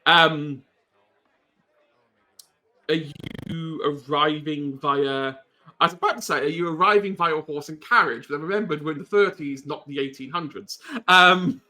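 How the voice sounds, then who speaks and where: A man's voice: a little high, normal speed, pushed and bright. A man narrating a tabletop horror game as game master, rambling with many ums and wry asides.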